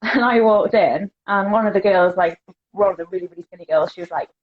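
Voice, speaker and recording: A woman's voice: mid-range voice, brisk. A woman, a curve model chatting candidly as a podcast guest, laughing often. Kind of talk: casual podcast chat. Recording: dull lo-fi sound.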